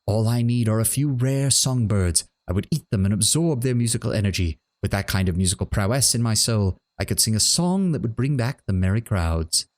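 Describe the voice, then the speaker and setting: A small vain Orlan singer with a sing-song lilt, lecturing in a low, fairly deep voice, as a man reads his lines aloud. He talks down to his listener as if every point were basic. The reading stays close to a plain speaking voice. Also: lively intonation, brisk, hardly any pauses, natural voice. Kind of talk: reading game dialogue aloud.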